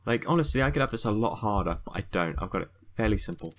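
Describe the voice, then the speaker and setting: A man giving chatty let's-play commentary, muttering to himself and breaking into excited squeals. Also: lowish voice, fast talker, a little hiss or hum. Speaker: gameplay commentator.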